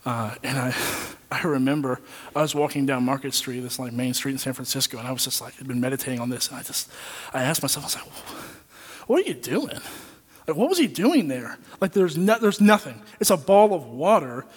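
A man's voice: mid-range voice, steady tone, a little fast. A young man giving a casual, self-deprecating sermon, full of fillers and restarts, as a preacher at a church. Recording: long hall reverb.

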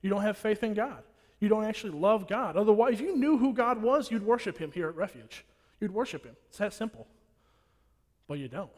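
A man's voice: sits high, expressive, fairly quick, darkish tone. A young man preaching a sermon in a church, blunt and repetitive, hammering his warnings home. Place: church hall. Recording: long hall reverb.

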